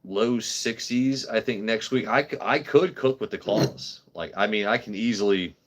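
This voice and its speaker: Guy rambling on his livestream, kinda low voice, cusses a lot. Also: moderate pace. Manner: rambling, swears casually. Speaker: livestream host. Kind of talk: casual livestream chat.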